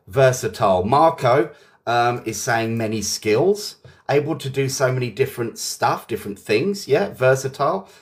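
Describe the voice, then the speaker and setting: A man from England with a British accent, teaching an English vocabulary lesson on a live stream, chatty and encouraging as he greets viewers by name. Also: medium pitch. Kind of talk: live online lesson, reading viewer comments.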